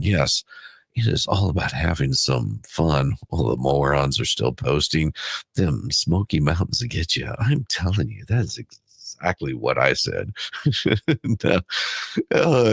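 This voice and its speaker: A man hosting a casual livestream, hoarse and raspy from a cold, chatty and thanking viewers. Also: a bass voice, a bit bright, no room sound, studio quality. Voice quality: raspy, gravelly. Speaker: livestream host.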